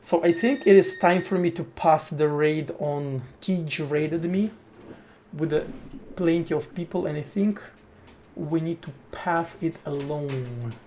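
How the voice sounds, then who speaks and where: A man's voice: on the high side, a little slow, darkish tone, a little hiss or hum. A man streaming as he programs, chatting casually to his viewers, thinking aloud in short bursts with slang and swearing. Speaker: live-coding streamer. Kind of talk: casual live-stream chat while programming.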